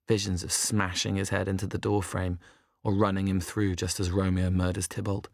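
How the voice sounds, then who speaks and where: A man narrating an audiobook in a measured, expressive reading, recorded close in a studio booth. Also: deep voice, vocal fry, no echo.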